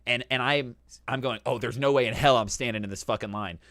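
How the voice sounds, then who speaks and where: An animated man swaps travel stories in a loose, profane chat, tossing "dude" into nearly every sentence. His voice sits at a middling pitch and sounds close and dry, with no room around it. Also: brisk, no room sound. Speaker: host. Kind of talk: casual storytelling chat.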